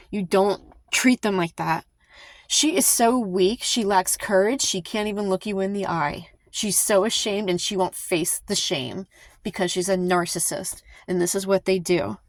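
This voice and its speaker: A woman's voice: medium pitch, fairly even intonation, a little slow, no echo. Fired-up woman, dry close sound. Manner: heated, emphatic, with sighs and frequent restarts. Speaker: vlogger. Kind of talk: impassioned casual commentary to camera.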